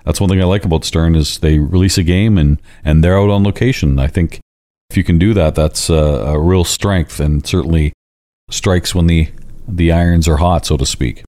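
A man's voice: low-pitched, fairly even intonation, moderate pace, mellow, no room sound, clean studio sound. A man with a Canadian accent co-hosting a podcast, chatting enthusiastically in an easygoing way. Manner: enthusiastic, easygoing, uses fillers like "if you will". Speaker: podcast co-host. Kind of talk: casual chat.

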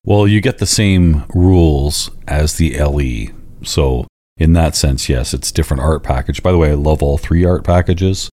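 A man with a Canadian accent co-hosts a podcast, chatting casually in an enthusiastic, easygoing way and using fillers like "if you will." His voice is a rumbling low and mellow at normal speed, recorded at studio quality with no echo.

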